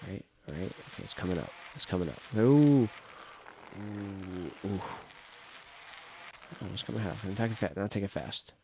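A man's voice: deep voice, animated, normal speed, warm tone, a little hiss or hum. A young man giving casual let's-play commentary, talking to himself, frustrated and joking as he plays. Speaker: gaming video host.

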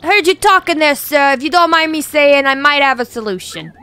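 A woman voicing a rough-talking male pirate sailor, a loyal deckhand, in a video game playthrough. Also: high voice, animated, a little fast, pushed and bright, pitched above the performer's own voice, exaggerated voice. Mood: eager.

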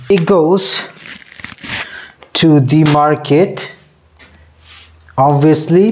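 Slow, teasing mock-lecturer in an echoey room. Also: mid-range voice, a little mellow. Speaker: comedy video creator. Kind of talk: mock-lecturing comedy vlog.

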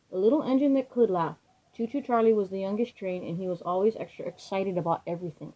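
A woman reading a children's storybook aloud in a gentle, expressive way. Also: medium pitch, quick pace, muffled recording.

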